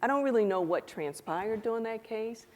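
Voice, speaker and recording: A middle-aged woman, a guest on a stage interview before a live audience, telling an animated anecdote and acting out the dialogue. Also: a little high, normal speed. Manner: animated anecdotal storytelling, acts out quoted dialogue. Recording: echoey hall.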